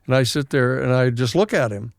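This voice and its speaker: A man's voice: mid-range voice, brisk, vocal fry, dry recording, clean studio sound. A man in his seventies, a podcast guest, telling a story in a casual way and acting out what other people said. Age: 70s. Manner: animated storyteller who acts out others' dialogue.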